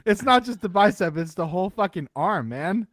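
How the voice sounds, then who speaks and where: Lively higher-voiced man chatting sports. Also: moderate pace, no room sound, studio quality. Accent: Philadelphia. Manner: chatty, hedging, laughs easily. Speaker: podcast co-host. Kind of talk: casual sports chat.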